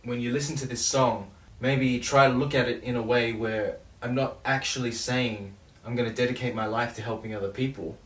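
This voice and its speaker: A man's voice: mid-range voice, normal speed. A young man with an Australian accent, talking casually and loosely about making his own song. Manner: relaxed, rambling, self-correcting. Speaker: songwriter and producer. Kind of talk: casual vlog talk. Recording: roomy echo, distant mic.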